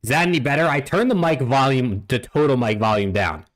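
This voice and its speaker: A young American man hosts a live-stream watch party from a desk mic at home, speaking in an expressive, brisk, mid-range voice. Laid-back and profane, he chats casually with viewers, talking to chat and reading out usernames.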